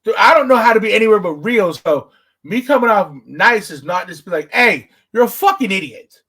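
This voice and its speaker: Animated, high-pitched man telling stories. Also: a little fast, breathy edge. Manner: animated, profane storytelling with big pitch swings. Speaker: podcast host. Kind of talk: casual podcast chat.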